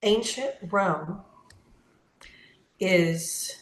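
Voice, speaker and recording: A woman co-hosting a casual talk podcast, measured as she reads out facts. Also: medium pitch, animated. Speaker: podcast co-host. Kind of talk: casual chat. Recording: echoey room with faint noise.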